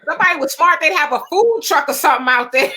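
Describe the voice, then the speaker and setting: Woman, host, casual interview, chatty, high pitch, bright tone. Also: expressive, fast talker. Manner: chatty, uses many fillers, asks leading questions.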